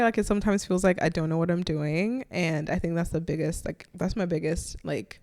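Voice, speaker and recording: A woman's voice: fairly low pitch, fairly even intonation, a little fast, a little mellow. A woman in her twenties hosting a solo podcast, talking candidly and rambling, with casual swearing. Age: 20s. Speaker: podcast host.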